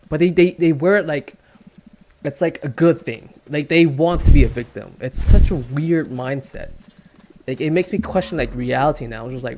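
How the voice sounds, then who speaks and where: A man's voice: fairly high pitch, brisk, darkish tone, slight background noise. A man streaming a game and talking casually, rambling with stammering restarts, repeated words and casual swearing. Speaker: gaming streamer. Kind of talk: casual commentary while gaming.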